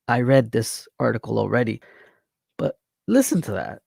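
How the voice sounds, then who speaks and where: A worked-up man hosts his own talk show and reads news clippings aloud between scolding asides. His voice is gravelly and mellow, and it sits in a dry room with no echo. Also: mid-range voice, moderate pace. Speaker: host of an online talk show. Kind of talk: ranting commentary while reading news articles aloud.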